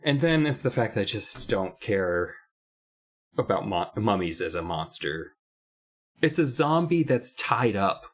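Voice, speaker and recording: A man co-hosting a podcast, reviewing a book in casual chat, rambling and emphatic, getting animated when he complains. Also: fairly low pitch, unhurried, slightly rough. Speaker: podcast co-host.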